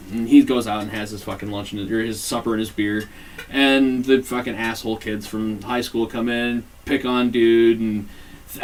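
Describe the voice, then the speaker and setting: A man's voice: medium pitch, recorded from a distance, poor audio. A man co-hosting a casual podcast, swearing freely and acting out quotes as he retells a TV plot. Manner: profane, animated retelling with acted-out quotes. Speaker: podcast co-host. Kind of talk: casual chat reviewing a TV show.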